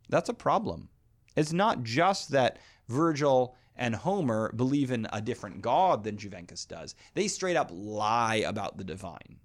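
A man's voice: medium pitch, big pitch swings, measured pace. A man hosting a poetry podcast, lecturing thoughtfully and reading translated verse aloud. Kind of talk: spoken lecture on classical poetry.

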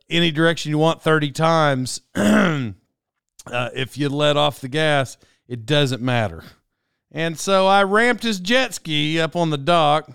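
A man's voice: fairly high pitch, creaky, a bit bright, clear, resonant tone, no room sound, studio quality. A middle-aged man telling a casual personal anecdote, rambling and self-mocking, with lots of fillers and chuckles. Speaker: storyteller.

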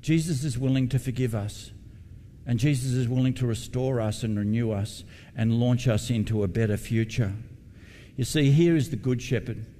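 Man, pastor, sermon, mellow voice, asks the congregation questions, long hall reverb. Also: mid-range voice, normal speed, slight background noise.

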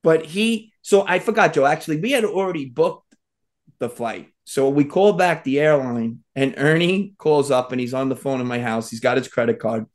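A man's voice: mid-range voice, moderate pace. A man on a podcast telling a long story in a rambling way, full of fillers and restarts. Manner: rambling, full of "like" and "you know". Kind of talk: casual storytelling chat.

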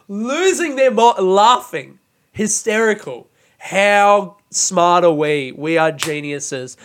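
A young man hosting a podcast, telling a story in a casual, profane, animated way and laughing as he goes. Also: on the high side. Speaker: podcast host. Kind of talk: casual monologue.

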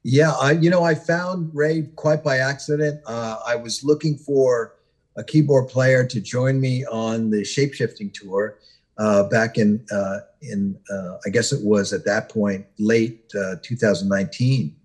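A man interviewed as a guest musician, his voice hoarse from talking all day, telling stories with many pauses and uhs. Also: mid-range voice, steady tone. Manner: rambling, many pauses and uhs, warm storyteller. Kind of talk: interview storytelling.

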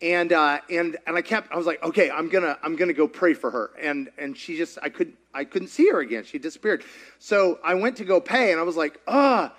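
A man preaching a sermon, telling a story in an animated, chatty way and laughing often. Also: fairly high pitch, a little fast. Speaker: pastor.

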